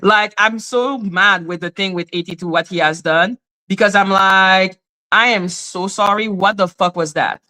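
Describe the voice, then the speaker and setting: Woman, livestream host, indignant profane rant, bright forceful voice, repeats herself. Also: mid-range voice, normal speed. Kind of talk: heated live commentary. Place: in Canada.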